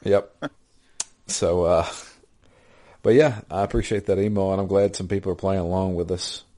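Relaxed man with a lowish voice. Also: moderate pace. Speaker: podcast co-host. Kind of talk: casual chat about video games.

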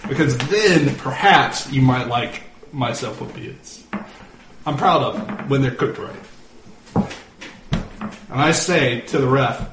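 A man's voice: mid-range voice, takes it slowly, pauses often, fairly bright tone. A man playing a tabletop game, indignantly protesting in character. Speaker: player. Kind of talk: in-character role-play. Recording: echoey room with noise.

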